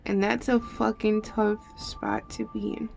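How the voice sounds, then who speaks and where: A woman's voice: mid-range voice, little pitch movement, unhurried, vocal fry, darkish tone, a little hiss or hum. A woman giving a casual tarot reading in a loose, emotional way, swearing often and saying "like" a lot. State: teary at times. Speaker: tarot reader.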